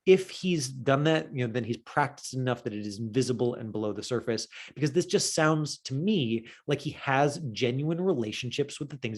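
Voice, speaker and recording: A middle-aged man teaching acting in a casual, talkative way, full of fillers and quick asides. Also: medium pitch. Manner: chatty, full of fillers, breaks into quoted voices.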